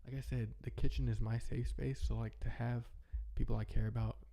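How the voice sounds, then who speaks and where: A man's voice: mid-range voice, flat delivery, brisk, gravelly, dark tone. A young man talking in a rambling, heartfelt way, chatting casually as a podcast host. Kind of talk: casual reflective chat.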